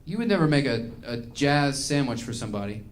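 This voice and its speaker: A man's voice: mid-range voice, very animated, a little fast. A man doing a stand-up comedy routine, ranting in an exasperated, self-mocking way.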